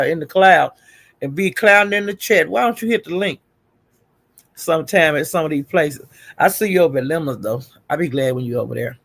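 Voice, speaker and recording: A man with a gravelly, somewhat high voice chats on a livestream, dishing gossip and hailing viewers by name with "honey" and "child." The sound is dry and close, with no room around it. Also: fairly bright tone, no room sound. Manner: gossipy, greets viewers in chat, calls them honey and child. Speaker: livestream host. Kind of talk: casual livestream chat. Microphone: streaming setup.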